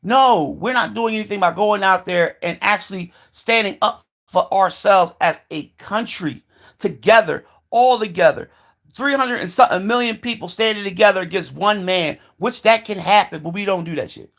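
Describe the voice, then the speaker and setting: A man's voice: high voice, moderate pace, vocal fry, a bit bright. A man ranting angrily about politics and jobs, swearing freely and slipping into mocking quoted voices of other people. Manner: profane, heated, talks in quoted voices. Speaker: video commentator. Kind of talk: angry political rant.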